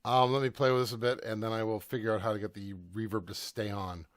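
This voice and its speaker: A man's voice: lowish voice, level tone, fast. A man talking casually in a home recording vlog, thinking aloud as he demonstrates his gear at his desk.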